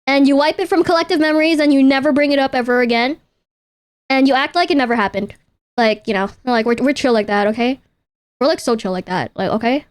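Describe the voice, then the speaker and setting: High-voiced chatty young woman streamer. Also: fast talker, clean tone. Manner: chatty, self-interrupting, playful, swears casually. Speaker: VTuber streamer. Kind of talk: casual livestream chat.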